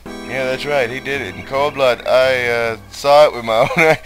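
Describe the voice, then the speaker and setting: Profane, animated young gamer. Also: male voice, medium pitch, moderate pace, soft background music. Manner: loud, profane, laughing outbursts. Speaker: let's player. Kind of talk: let's play commentary.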